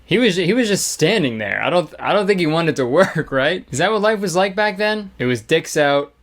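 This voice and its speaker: A man's voice: on the high side, expressive, normal speed, fairly bright tone. A man hosting comedic movie commentary, irreverent and joking, often laughing. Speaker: commentary host.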